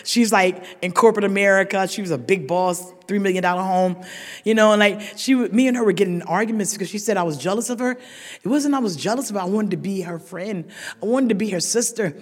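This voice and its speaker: At a meeting, a woman shares her recovery story, speaking raw and emphatic and directly to the room. Her voice is medium-pitched and fast, with the long reverb of a large hall.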